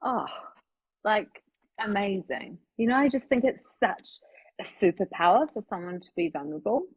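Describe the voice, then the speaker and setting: Woman guest on a livestream, husky, dry sound, bubbly and rambling. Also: medium pitch, expressive, fairly quick, no echo, poor audio. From New Zealand. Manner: bubbly, laughs often, rambling. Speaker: guest, sex coach. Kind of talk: casual chat on a live stream.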